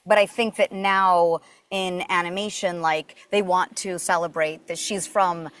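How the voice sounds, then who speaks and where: A woman's voice: fairly low pitch, measured pace. A woman who grew up in Puerto Rico, a voice actor chatting as a podcast guest and telling stories with lots of fillers. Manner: chatty, animated storytelling with many fillers. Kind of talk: casual interview chat.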